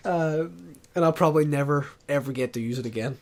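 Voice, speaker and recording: A man's voice: a little high, brisk, hardly any pauses. A man from the UK chatting casually on a gaming podcast, hesitant and laughing often. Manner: hesitant, laughing, lots of fillers. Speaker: podcast host. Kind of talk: casual chat.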